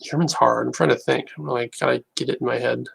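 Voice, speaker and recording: Man, gravelly voice, mid pitch, casual live stream chat, rambling with restarts. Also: fairly even intonation, fast, fairly bright tone, poor audio. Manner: rambling and hesitant, many restarts and fillers. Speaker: YouTuber.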